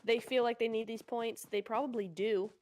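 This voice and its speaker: A woman casting a mobile shooter tournament live, chatty and quick to exclaim at the action. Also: on the high side, slight background noise. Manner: excitable, chatty, exclaims often. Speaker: esports caster. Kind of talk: live play-by-play commentary.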